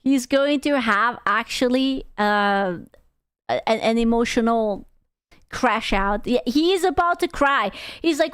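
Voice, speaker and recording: High-pitched girl streaming, slow drawn-out talk, super dry close mic, gasps and laughs a lot. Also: smooth, no room sound. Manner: animated, gasping and laughing, teasing asides. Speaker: VTuber streamer reacting to videos. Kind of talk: casual reaction commentary.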